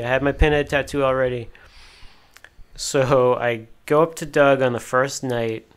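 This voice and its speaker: A man in a casual podcast chat, telling an excited fan anecdote with many fillers and restarts. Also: medium pitch, normal speed. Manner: rambling, lots of "you know" fillers and restarts. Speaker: occasional podcast co-host.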